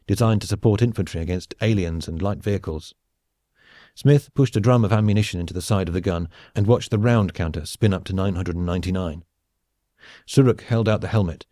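Low, mellow male audiobook narrator. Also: no echo, studio quality. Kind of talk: scripted narration.

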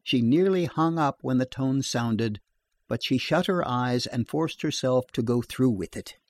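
A man reads a horror story in a steady, measured way. His pace is slow and unhurried. The sound is dry and close. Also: mid-range voice, dry recording. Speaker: narrator. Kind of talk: horror audiobook narration.

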